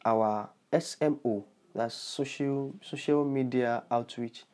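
A bishop takes his time in a medium-pitched, darkish voice as he preaches a podcast sermon with an altar call. His prayer is earnest, full of repeated phrases and exclaimed praise.

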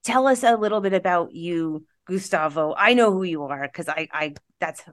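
Woman, podcast host, fairly low pitch, chatty and rambling, lots of fillers. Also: normal speed. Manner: bubbly, rambling, many "like" fillers. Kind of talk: casual podcast chat.

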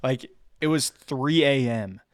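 A man's voice: mid-range voice, slow, clear, resonant tone, no echo, clean studio sound. A young man, co-host of a podcast, telling a rowdy story in casual chat, swearing and laughing as he goes.

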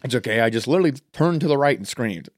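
A man with a Southern American accent co-hosting a podcast in casual chat, loose and profane, joking around and now and then breaking into loud mock voices. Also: mid-range voice, animated, very fast, no room sound, studio quality. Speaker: podcast co-host.

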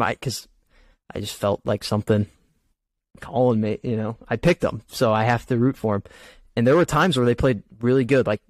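A man co-hosting a sports podcast, talking casually and excitedly, sometimes stuttering. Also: mid-range voice, no echo. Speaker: podcast co-host.

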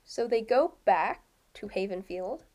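A young woman co-hosting a casual book discussion, chatty and quick to laugh, often restarting and correcting herself. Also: mid-range voice, lively intonation, darkish tone. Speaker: podcast co-host.

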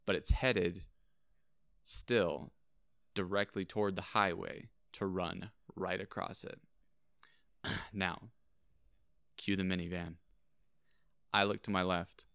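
A young man with a low, smooth, resonant voice recounts a wild story for his podcast. He builds suspense with drawn-out pauses and dramatic slow phrasing. The sound is close and dry. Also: fairly even intonation, a bit bright, dry recording. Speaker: podcast co-host. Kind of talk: animated storytelling.

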